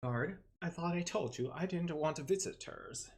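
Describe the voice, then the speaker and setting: A player reading the part as a cold, imperious chief prosecutor and older sister, her words drawn out slowly and heavily. She sounds in command and unimpressed, with quiet music under the voice. It is a let's-play reading of a game scene. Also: mid-range voice, pitched above the performer's own voice, natural voice. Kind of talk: reading game dialogue aloud.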